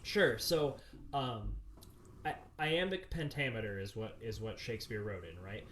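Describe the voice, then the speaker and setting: A man's voice: on the low side, measured pace, fairly bright tone, a little hiss or hum. A man directing a community theater show, answering questions at length with many fillers and restarts over a video call. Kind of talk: explanatory Q&A answers.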